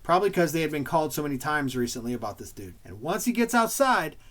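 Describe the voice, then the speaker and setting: A man who is a former police officer breaks down bodycam footage in blunt, plain-spoken commentary. His voice sits a little higher than most men's, and he drops into street slang now and then. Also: very animated, quick pace, fairly bright tone.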